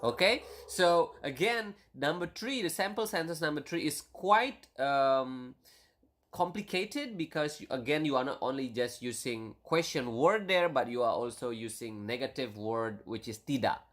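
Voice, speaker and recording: A man teaching an online language lesson, explaining step by step and slowing down to stretch key words, with many fillers and restarts. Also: medium pitch, lively intonation, a bit bright.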